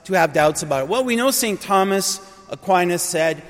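A man gives a conversational sermon, moving from anecdote to earnest, emphatic teaching. His voice sits a little high for a man. The sound carries a long reverb, as if in a church or large hall. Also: lively intonation, moderate pace. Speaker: preacher.

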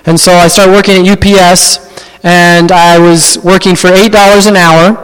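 A young man from Ohio telling a personal story to a live audience, animated and self-deprecating. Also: high voice, normal speed, clean tone. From Ohio, USA. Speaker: speaker giving a personal testimony. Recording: long hall reverb.

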